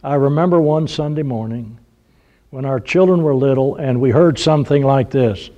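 Older guy preacher, mellow low-key voice, folksy storytelling sermon. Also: normal speed. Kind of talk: sermon with humorous stories.

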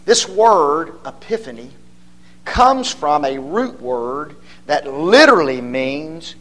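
A man's voice: fairly high pitch, big pitch swings, slow, fairly bright tone. A man teaching a Bible study, quizzing his listeners with rhetorical questions and a constant "okay?", and stretching key words for emphasis.

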